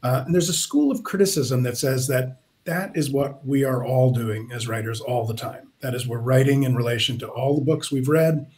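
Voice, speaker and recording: A man's voice: mid-range voice, normal speed, few pauses, darkish tone. A man moderating a live online author session, speaking informally with frequent restarts as he introduces himself and asks questions.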